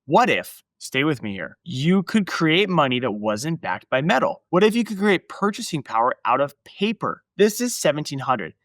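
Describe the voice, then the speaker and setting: A man's voice: on the high side, very animated, moderate pace, few pauses, fairly bright tone, no room sound. A man hosting a podcast, narrating history in a casual, emphatic way with asides to his listeners. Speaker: podcast host.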